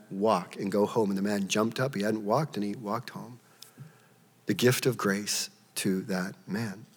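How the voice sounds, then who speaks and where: A man preaching a sermon in a church, emphatic, his voice jumping high as he acts out quotes. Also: in a large hall. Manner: emphatic, rising to a high pitch when acting out quotes. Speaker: pastor.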